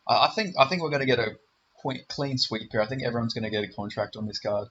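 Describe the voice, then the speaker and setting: A man's voice: medium pitch, a bit bright, lo-fi sound, a little hiss or hum. A young man giving casual solo commentary, rambling and confident, full of fillers and self-corrections. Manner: confident, enthusiastic. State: voice briefly giving out. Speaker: MMA predictions YouTuber.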